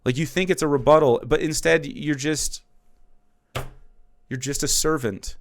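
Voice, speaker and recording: A man hosting a live stream, ranting about politics in a mocking, profane way and swinging from loud outbursts to low muttering. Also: fairly even intonation, measured pace, a little hiss or hum. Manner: profane, mocking, loud rants with sudden drops. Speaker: streamer host. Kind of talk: heated political commentary.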